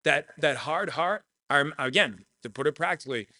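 A man's voice: on the high side, moderate pace, sharp tone, no room sound. A man preaching a sermon, earnest and personal, repeating phrases for emphasis. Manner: shares personal testimony.

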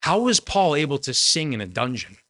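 A man preaching a sermon with earnest, emotional delivery, swinging between raised storytelling and quiet emphasis. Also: on the high side, big pitch swings, brisk. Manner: earnest, emotional, tearful at moments.

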